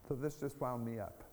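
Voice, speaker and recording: A man preaching a sermon, telling a personal testimony in an earnest, animated way. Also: medium pitch, vocal fry, long reverb tail, slight background noise.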